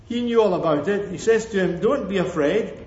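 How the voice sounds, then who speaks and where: Male preacher, high voice, emphatic repeated lines and calls for amen; roomy lo-fi church recording. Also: fairly quick, a little mellow. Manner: emphatic, repeats key phrases, asks the congregation for amens. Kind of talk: sermon. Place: church hall with a congregation. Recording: echoey, dull lo-fi sermon recording.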